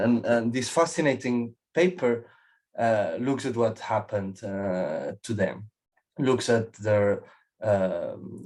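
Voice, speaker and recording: A man's voice: lowish voice, a little mellow. A man giving a conversational academic conference discussion of a paper, with personal asides.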